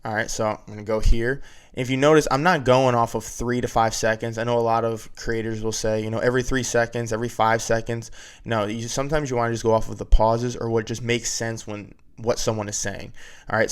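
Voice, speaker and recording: A man's voice: mid-range voice, little pitch movement, a little fast, smooth. A man teaching video editing in a casual, step-by-step way, often checking in with "right?". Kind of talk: screen-recorded editing tutorial.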